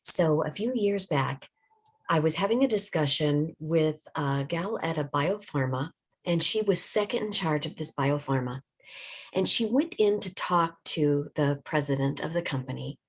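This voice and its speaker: A woman presents a webinar, her voice somewhat low and husky. She talks conversationally, walking through tips with examples, close to the mic. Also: lively intonation, a little slow.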